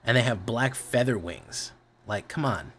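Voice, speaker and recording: A man's voice: medium pitch, animated, unhurried, fairly bright tone, slight background noise. A man streaming, chatting casually, rambling and often correcting himself, with a lot of swearing.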